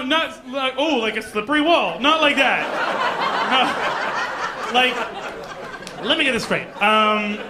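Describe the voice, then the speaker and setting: A man from Canada doing a stand-up comedy set in a comedy club, mostly deadpan, with sudden loud put-on voices. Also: sits high, background noise.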